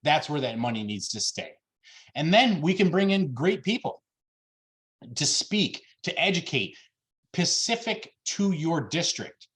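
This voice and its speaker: A man making an emphatic campaign pitch on a video call, getting worked up, with frequent fillers. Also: very animated, a little slow, a bit bright. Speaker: party officer candidate presenting plans.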